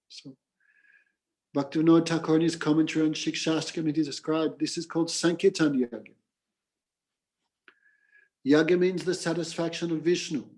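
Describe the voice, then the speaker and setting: Guy teaching a scripture class, kinda high voice, patient storytelling, breaks into chanting sometimes. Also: a little mellow. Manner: plain, patient explaining, breaks into mantra chanting. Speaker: spiritual teacher.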